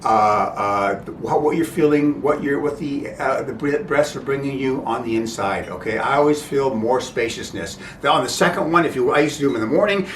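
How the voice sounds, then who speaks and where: A man explaining breathing exercises in a halting, informal way, often stopping to check "okay?". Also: a bit bright. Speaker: breathing instructor. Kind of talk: informal spoken instruction. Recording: roomy, distant mic, faint rumble.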